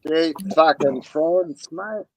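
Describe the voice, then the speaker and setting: A man's voice: fairly high pitch, crowd noise, poor audio. An Australian man in jokey, crude casual banter on a live stream, drawing out his words. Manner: slow, jokey, drawn-out words.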